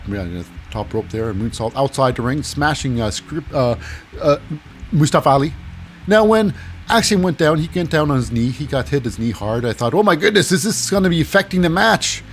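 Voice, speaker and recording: A man casually recapping wrestling matches alone, rambling and sarcastic, often acting out what people said in silly voices. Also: medium pitch. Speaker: wrestling show recap host. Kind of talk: casual solo recap commentary.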